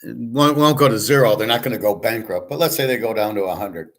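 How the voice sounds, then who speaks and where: A man's voice: on the low side, fast talker, fairly bright tone. A man hosting a casual solo monologue on markets and poker, blunt and profane, rambling with frequent restarts and sarcastic asides. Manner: opinionated, sarcastic. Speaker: host giving market and poker tips.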